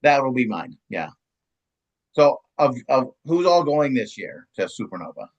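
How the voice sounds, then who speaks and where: A man's voice: medium pitch, sing-song, measured pace, dull audio. A middle-aged man chatting as an interview guest, rambling along with many stammered restarts and repeated words. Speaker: guest, longtime ska radio DJ and promoter. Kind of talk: casual chat.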